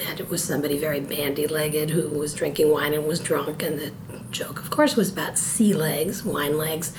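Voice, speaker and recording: Older woman with a cold, low-voiced. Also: fairly even intonation, normal speed, background noise. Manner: precise, thoughtful, given to wry jokes. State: stuffy from a cold. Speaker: guest, copy editor. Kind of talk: conversational interview.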